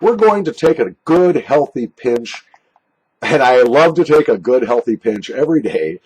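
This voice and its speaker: A man's voice: moderate pace, slightly rough, poor audio. A man reviewing snuff in a casual, jokey, self-mocking monologue from a basement. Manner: jokey, self-mocking, lively pitch swings. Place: basement room.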